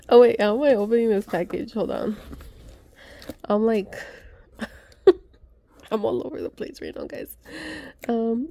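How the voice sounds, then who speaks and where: A woman chatting excitedly to her viewers as she unboxes gifts, gushing and talking to her audience. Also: a little high, slow pace, long pauses, a little hiss or hum. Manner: gushing, chatty, many gasps and asides to viewers. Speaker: vlogger.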